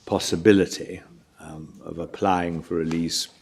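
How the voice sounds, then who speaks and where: Deep gravelly judge, halting. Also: male voice, steady tone, darkish tone, slight background noise. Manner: halting, hesitant, thinks aloud. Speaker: judge questioning counsel. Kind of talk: questioning from the bench. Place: court hearing room.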